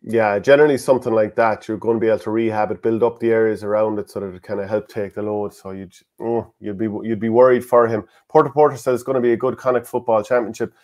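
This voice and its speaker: A man's voice: on the low side, steady tone, fast talker, hardly any pauses, a little mellow. A man with an Irish accent co-hosting a casual sports podcast, who gives firm opinions and reads out listener comments. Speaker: podcast co-host.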